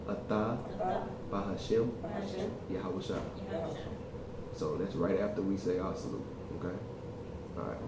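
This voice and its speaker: A man leading a religious service, giving commands and shouting call-and-response lines. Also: low-pitched. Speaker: congregation leader. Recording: echoey room from far off, loud noise.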